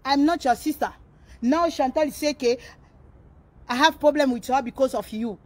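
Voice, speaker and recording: A woman's voice: high voice, moderate pace. A woman ranting to camera, pleading and repeating herself as she switches between languages. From Congo. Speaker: vlogger answering a rival. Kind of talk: emotional direct-to-camera rant.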